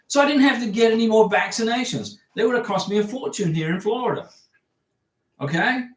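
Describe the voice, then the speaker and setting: A man's voice: high voice, recorded from a distance. A man hosting a casual livestream, reading viewer questions aloud and answering bluntly in a chatty way. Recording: echoey room, voice off-mic.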